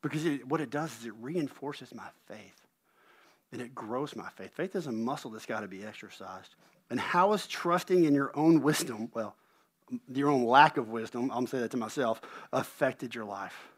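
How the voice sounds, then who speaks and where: A middle-aged man preaching a sermon as pastor, an animated storyteller who pokes fun at himself and repeats words when he gets going. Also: medium pitch, moderate pace, slightly rough. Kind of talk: sermon with personal stories.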